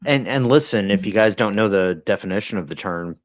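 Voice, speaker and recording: Low slow guy co-hosting a stream, dull lo-fi audio, dry humor. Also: expressive, a little hiss or hum. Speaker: co-host. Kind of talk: casual livestream chat. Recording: dull lo-fi sound.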